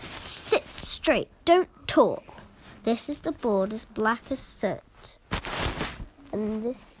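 A woman reading a rhyming picture book aloud at an unhurried pace. Her voice sits fairly high and lilts with the rhymes, sometimes softening to a near whisper. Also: background noise. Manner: slow, lilting rhymed reading with soft whispered passages. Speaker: storyteller.

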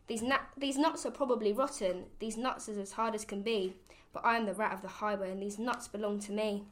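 A woman's voice: mid-range voice, fairly even intonation, fairly quick, natural voice. A woman voicing a greedy, swaggering male rat robber who bullies travellers in a storybook. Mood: boastful. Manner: boastful, bullying, chanting his rhyme.

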